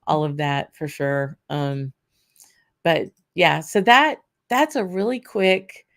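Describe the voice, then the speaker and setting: Tired woman with a gravelly low voice. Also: takes it slowly. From Louisiana. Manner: chatty, many fillers and restarts. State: tired, voice going hoarse. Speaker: whisky channel host. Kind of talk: casual vlog recap.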